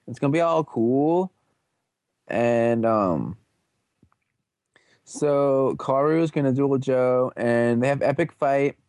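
A man's voice: mid-range voice, a little mellow, dry recording. A young man casually recapping a TV episode, rambling and playful, full of slangy asides and goofy quoted voices.

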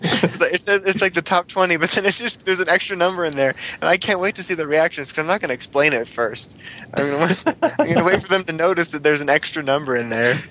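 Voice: medium pitch, fairly bright tone, a little hiss or hum. A co-host in a casual chat among friends who teases the others and tells stories with frequent laughter. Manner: giggly, teasing storytelling. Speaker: podcast co-host.

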